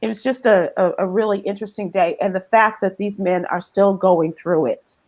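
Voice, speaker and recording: A woman hosting a casual news discussion, thoughtful and halting, with lots of fillers. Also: medium pitch, steady tone, a little mellow, dull audio. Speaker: host.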